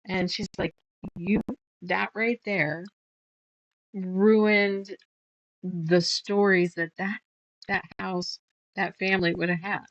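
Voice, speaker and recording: A woman's voice: lowish voice, unhurried, no echo, dull audio. A middle-aged woman chatting casually while she quilts, rambling through stories, trailing off and laughing at herself. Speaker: quilting vlogger. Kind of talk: casual chat while sewing.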